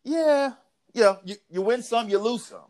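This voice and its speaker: A man's voice: very high-pitched, animated, measured pace. A man hosting a casual chat, telling a story about himself in a self-critical, confessional way. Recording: loud background noise.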